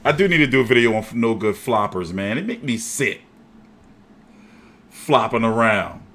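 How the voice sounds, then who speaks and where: Animated, lively-voiced boxing host man. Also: medium pitch, moderate pace. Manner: animated, profane, jokey. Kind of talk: casual boxing chat.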